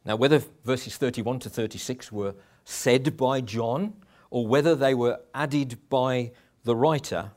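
A man's voice: medium pitch, measured pace, few pauses, darkish tone. A middle-aged man preaching a sermon in a conversational way, with chuckles and restarts.

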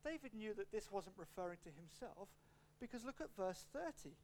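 Man preaching a sermon, expressive and quick to switch tempo, quietly humming room. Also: high voice, a little hiss or hum. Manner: animated, acts out quotes, shifts pace a lot. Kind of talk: expository sermon with a personal story.

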